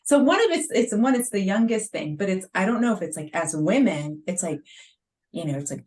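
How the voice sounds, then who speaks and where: A woman's voice: lowish voice, animated, fairly quick, a little mellow, poor audio. A middle-aged woman, a mother hosting a panel, talking casually and expressively with frequent laughs. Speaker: host, mother.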